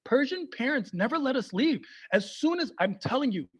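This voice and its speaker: A man doing stand-up comedy, animated and mixing in Persian phrases. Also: very high voice, normal speed, breathy edge.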